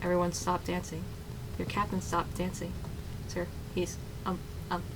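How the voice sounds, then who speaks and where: A woman's voice: on the low side, monotone, normal speed, pauses often, slight background noise. A young woman giggling and swearing casually as she comments on a game, with hesitant fillers. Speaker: gamer. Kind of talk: casual let's-play commentary.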